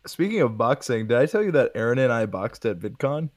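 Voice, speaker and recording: A man's voice: medium pitch, big pitch swings, brisk. A man who is a guest on a podcast, telling an anecdote with animation and chuckling between lines. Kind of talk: casual storytelling on a podcast. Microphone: computer mic on voice chat.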